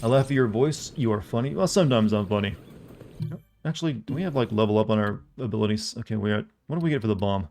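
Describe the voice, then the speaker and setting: A man's voice: on the low side, fast talker, vocal fry, darkish tone, soft background music. A man streaming a game live, rambling and teasing as he answers his chat and reads menu text aloud.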